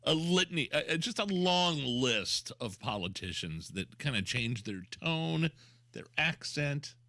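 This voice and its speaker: A male co-host jokes through talk radio banter in a laid-back way. His voice is bright and animated, recorded dry in a studio. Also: fairly high pitch, measured pace, no echo. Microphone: studio microphone.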